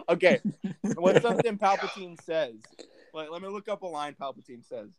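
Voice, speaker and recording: A man's voice: high voice, lively intonation, moderate pace, a crowd in the background. Playful young man, casual banter. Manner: laughing, playful, tries movie-villain voices. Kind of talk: casual chat among friends, doing voice impressions.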